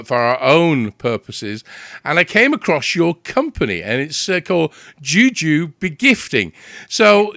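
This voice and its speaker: A man's voice: a little high, pushed and bright. A British man hosting a business interview show, chatty and upbeat, with frequent fillers and restarts. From Britain. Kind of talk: energetic interview chat.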